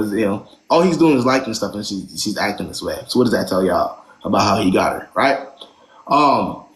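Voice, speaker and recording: A man hosting a live stream, giving blunt relationship advice and driving his points home with "right?". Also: medium pitch.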